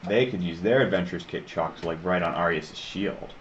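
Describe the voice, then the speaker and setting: Deep-voiced man playing a tabletop game. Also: fairly quick, muffled recording, a little hiss or hum. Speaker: player. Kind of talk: casual tabletop play.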